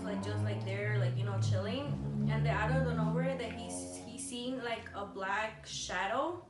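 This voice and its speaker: A young woman with a fairly high voice telling a spooky tale in a loose, rambling way, with plenty of "like" fillers and mid-sentence language switches. She sits a little away from the mic in an echoey room with a faint hiss. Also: distant mic. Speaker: vlogger co-host. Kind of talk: casual storytelling over a meal.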